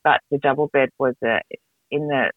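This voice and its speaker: A middle-aged woman, telling stories in a casual podcast chat, animated and quick to laugh. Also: no echo. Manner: animated, laughing, jumps between pitches. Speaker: podcast co-host. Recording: tinny phone-like dry sound.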